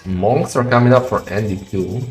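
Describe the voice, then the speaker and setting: A man casting a live strategy game match in a chatty style that rises to excited shouting in fights. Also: fairly low pitch, moderate pace. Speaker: game caster. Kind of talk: live esports commentary. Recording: roomy echo with faint music.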